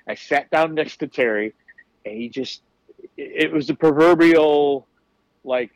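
This man, a wrestler appearing as a podcast guest, has a slightly high voice and speaks a little slowly. He's an animated storyteller, casual, candid, and profane. The low-quality recording has no echo.

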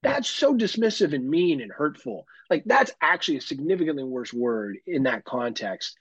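A man's voice: a little high, big pitch swings, moderate pace, a bit bright, slightly rough, dry recording, highs cut off. A man hosting a podcast, chatting casually and animatedly, swearing freely and laughing often. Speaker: podcast host. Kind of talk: casual chat.

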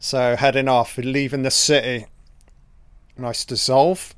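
A man giving a casual, profane watch-along commentary on a film, reacting out loud to what is on screen. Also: medium pitch, flat delivery, slow, clean tone, dry recording.

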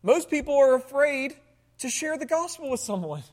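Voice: high voice, very animated, normal speed, a little mellow. A pastor preaching a sermon to a congregation, asking them rhetorical questions and adding sarcastic asides. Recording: long hall reverb.

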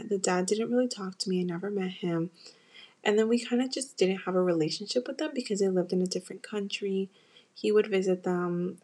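A woman's voice: mid-range voice, darkish tone. A young woman from the United States hosting a podcast, telling a personal story in a candid, emotional way and talking straight to her listeners. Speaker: podcast host. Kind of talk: casual confessional storytelling.

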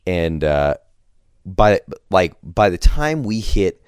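Deep-voiced man telling a raunchy story. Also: slow pace, smooth, no echo, studio quality. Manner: animated, swearing, acts out quoted lines. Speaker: podcast guest. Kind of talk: casual profane storytelling. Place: podcast studio.

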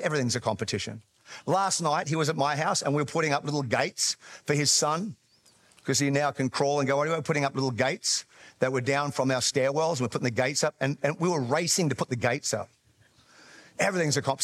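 A man's voice: fairly high pitch, a bit bright. A male pastor giving a sermon, telling stories with self-deprecating humor, restarting his sentences often.

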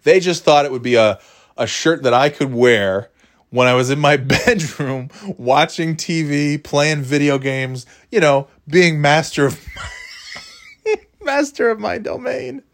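Animated man telling a story, laughing. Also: a little high, a little slow. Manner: animated, laughs often, acts out the dialogue. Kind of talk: casual anecdote.

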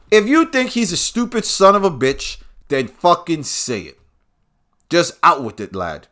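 Podcast host, crude combative ranter, bright forceful voice. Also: male voice, a little high, big pitch swings, unhurried. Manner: crude, combative, swearing freely. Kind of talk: profane rant.

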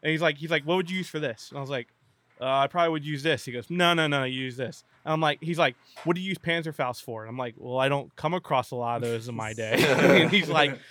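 Animated storytelling man, bright voice. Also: on the high side, fast, dry recording. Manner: animated, acts out both sides of a dialogue. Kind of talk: casual storytelling chat.

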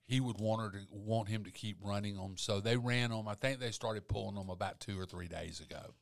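A man's voice: fairly low pitch, fairly quick, vocal fry, dry recording, studio quality. A man hosting an interview show and trading anecdotes with his guest in a chatty, storytelling way. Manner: chatty storyteller, animated when telling anecdotes. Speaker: show host, reporter. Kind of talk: conversational interview.

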